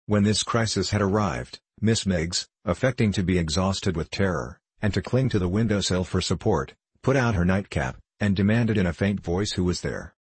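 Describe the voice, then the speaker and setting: A man reading a classic novel aloud as narrator, measured and wry. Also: low-pitched, lively intonation, breathy edge, no room sound. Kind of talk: audiobook reading of classic fiction.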